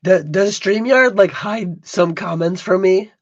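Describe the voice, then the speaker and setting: This is a man with a hoarse, worn-out voice, pitched slightly high, chatting on a casual livestream. He often trips over his words and repeats himself. The recording sounds dull and lo-fi. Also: unhurried. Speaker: podcast co-host.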